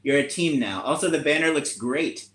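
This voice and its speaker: A man's voice: a little high, expressive, normal speed, fairly bright tone, reverberant. A man voicing a polite, cheerful male cat camp counselor in a picture-book read-aloud, in a genial, formal way.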